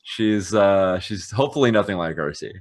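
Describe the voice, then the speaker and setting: A man's voice: fairly low pitch, normal speed. A man playing a tabletop game, chatting and explaining rules at length. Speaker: player. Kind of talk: casual tabletop play.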